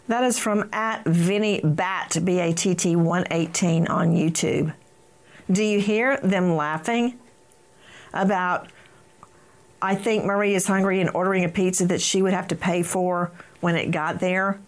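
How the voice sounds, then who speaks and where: A woman's voice: lowish voice, measured pace. Indignant woman hosting a crime show. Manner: emphatic, indignant, addresses guests by name. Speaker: host.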